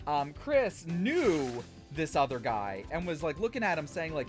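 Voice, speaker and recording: A man's voice: fairly high pitch, very animated, a little slow, hardly any pauses, music in the background. A young man streaming a game, telling a story in a rambling, self-deprecating way with lots of fillers. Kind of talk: casual chat while streaming a game.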